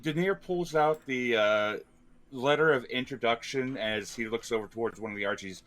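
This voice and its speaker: A man's voice: medium pitch, moderate pace, a bit bright. A man playing a tabletop game, explaining what his character does. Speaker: player.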